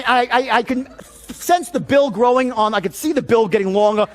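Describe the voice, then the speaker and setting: A man giving a seminar talk as a sales trainer, telling stories in an animated, profane way. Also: extremely high pitch, moderate pace, a faint crowd.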